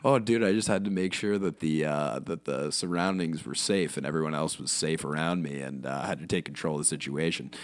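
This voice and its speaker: A man's voice: very deep voice, a little fast, few pauses. A man voicing an earnest, overzealous young police officer, explaining himself matter-of-factly.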